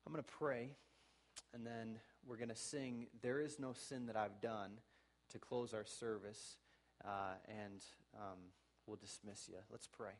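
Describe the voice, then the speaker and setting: A male pastor preaching a sermon. He exhorts the congregation earnestly, swings from soft to loud, and acts out sample apologies in a conversational voice. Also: on the low side, fairly even intonation, a little slow.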